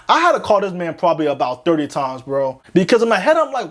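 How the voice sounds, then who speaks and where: A young man from Florida telling a storytime tale in slangy talk, swinging between panicky high squeaks and low drawls. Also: sing-song, brisk, few pauses. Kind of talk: animated storytime narration.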